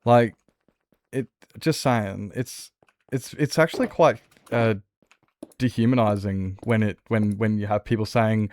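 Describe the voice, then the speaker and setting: A man's voice: on the low side, measured pace, a little mellow, dry recording, clean studio sound. A man streaming a game, chatting casually in a rambling way, answering chat with many restarts. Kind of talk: casual chat while gaming.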